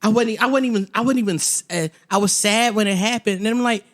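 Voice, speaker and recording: A man's voice: sits high, fast talker, fairly bright tone. A man, co-hosting a casual comedy podcast and ranting with exasperated emphasis. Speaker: podcast co-host.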